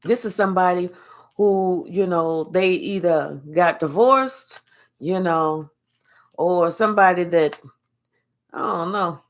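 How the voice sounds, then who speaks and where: Foul-mouthed woman giving a spiritual reading. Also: fairly low pitch. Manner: profane, animated, drawn-out emphatic phrases. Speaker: tarot reader. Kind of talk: casual spiritual reading to camera.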